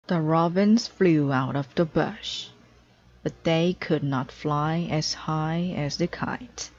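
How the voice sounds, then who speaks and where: A woman reads a children's picture book aloud, gentle and measured. Her voice is low, breathy and unhurried, and the recording sounds dull and lo-fi. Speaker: storybook reader.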